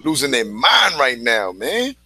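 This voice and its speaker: A man's voice: medium pitch, wildly swooping pitch, unhurried, vocal fry, pushed and bright, breathy edge, dry recording. A man co-hosting a gaming podcast, hyped and trash-talking rival fans. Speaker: podcast co-host. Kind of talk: casual gaming chat.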